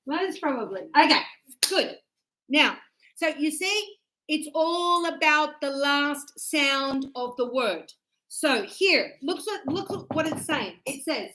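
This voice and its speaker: A woman's voice: sits high, fairly bright tone, poor audio. A woman teaching English pronunciation to a class, explaining step by step, repeating words and checking that students follow.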